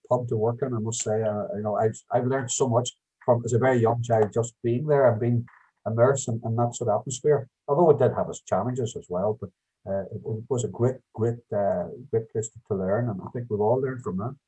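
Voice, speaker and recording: Male host, husky, far from the mic on a call. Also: medium pitch, a little fast, warm tone. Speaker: interviewer. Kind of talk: interview talk. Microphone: video call. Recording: distant husky call audio.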